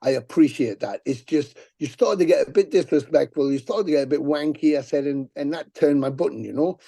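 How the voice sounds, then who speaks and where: Man, middle-aged, gravelly, mellow, swears freely, animated podcast storyteller. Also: on the high side, fairly quick, dry recording. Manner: profane, animated, acts out quoted voices. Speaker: musician guest.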